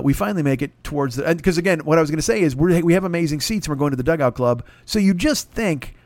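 A man's voice: a little high, no room sound. A man telling a long story in a casual podcast style, profane, rambling and self-mocking.

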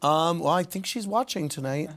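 A man hosting a late-night talk show, playful and quick to laugh, with a studio audience heard behind him. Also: a little high, fairly bright tone.

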